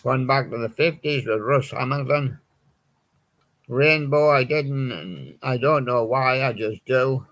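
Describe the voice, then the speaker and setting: A man hosting a live stream, talking slowly and unhurriedly as he rambles from one record to the next. His voice sits at an ordinary middle pitch, and he reads song titles aloud in a loose, chatty way. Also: a bit bright. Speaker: host of a live music show.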